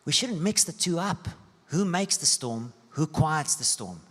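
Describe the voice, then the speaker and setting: Preacher in a reverberant hall. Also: male voice, on the high side, lively intonation, a little slow, slightly rough. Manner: storytelling preacher with sweeping rises and soft dips. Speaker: pastor. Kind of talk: sermon. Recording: long church-hall reverb.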